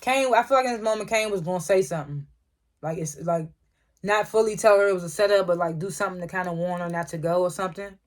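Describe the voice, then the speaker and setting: A young adult recapping a TV drama episode at a relaxed, conversational pace. The voice sits in the middle range, and the delivery is slangy and unpolished. Laughs come often between the retold scenes. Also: medium pitch, fast talker. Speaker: TV show reviewer.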